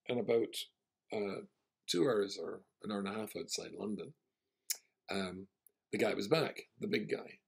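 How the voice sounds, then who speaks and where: This is storytelling from a male rabbi whose low voice is husky and gravelly. He relates the story with a relaxed flow and wry humour aimed at himself.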